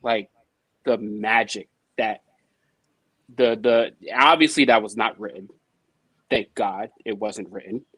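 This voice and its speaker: A man chatting on a casual podcast, chiming in with excited remarks and laughs. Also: fairly low pitch, slow pace, long pauses, slightly rough, dry recording. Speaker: podcast guest.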